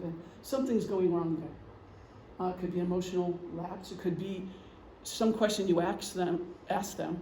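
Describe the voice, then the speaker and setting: A woman's voice: fairly low pitch, dark tone, slight background noise. Chatty woman lecturing in an echoey room. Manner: chatty, joking, acts out gestures. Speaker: presenter, retired police officer and veteran. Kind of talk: casual lecture.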